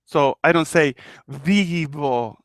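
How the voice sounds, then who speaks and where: A man from Argentina leads a live online Spanish class at an unhurried pace. He explains patiently and says each example phrase twice. His voice sits in a middle pitch and is recorded dry and close. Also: a bit bright, dry recording. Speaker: Spanish teacher. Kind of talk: live online language lesson.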